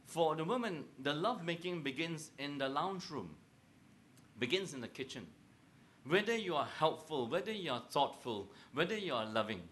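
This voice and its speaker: A man's voice: fairly high pitch, moderate pace, slight background noise. A middle-aged man preaching a humorous sermon, joking with and teasing his audience and asking them questions. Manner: joking, teasing, animated, asks the crowd questions. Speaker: pastor.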